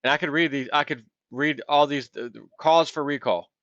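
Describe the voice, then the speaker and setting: A man's voice: a little high, moderate pace, a bit bright, no echo. Fired-up man ranting with a muffled, dry sound. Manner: heated, impassioned, acts out imagined callers. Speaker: commentary video host. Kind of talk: ranting solo commentary.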